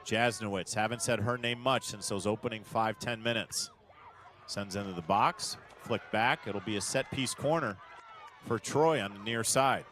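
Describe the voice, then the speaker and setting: Male soccer announcer with a lowish voice, steady live calls that lift on big chances, recorded outdoors with faint noise. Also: moderate pace. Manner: steady play-by-play, rises sharply on big chances. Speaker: play-by-play commentator.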